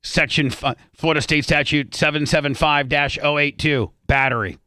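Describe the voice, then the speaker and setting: Bright-voiced man hosting talk radio. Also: a little high, fairly even intonation, moderate pace, a little hiss or hum. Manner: reads out legal statutes, stammering restarts. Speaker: radio show host. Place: radio studio.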